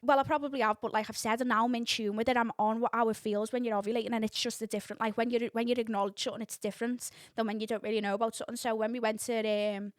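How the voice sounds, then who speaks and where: A young woman, hosting a podcast and telling a story in casual chat, full of swearing and loud laughter. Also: a little high, little pitch movement, very fast, hardly any pauses, dry recording, clean studio sound. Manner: chatty, swearing, laughs loudly at own story. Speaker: podcast host.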